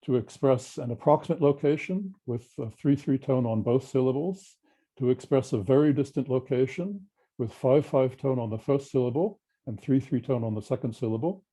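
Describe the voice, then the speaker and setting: Older aussie guy giving a seminar lecture, deep mellow sound, slow careful explaining. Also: breathy edge. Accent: Australian. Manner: measured, technical, explanatory with pauses. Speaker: linguistics lecturer.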